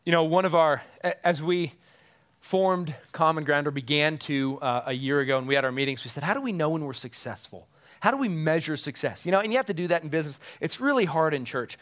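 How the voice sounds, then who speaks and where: A male pastor delivering a sermon in a relaxed, conversational way. His voice sits a little high for a man, and he often chuckles and repeats his key phrases for emphasis. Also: fairly quick.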